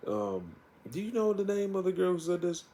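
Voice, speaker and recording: A man voicing a kind, middle-aged witch aunt who speaks in a gentle, soothing way. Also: sits high, big pitch swings, moderate pace, pitched above the performer's own voice.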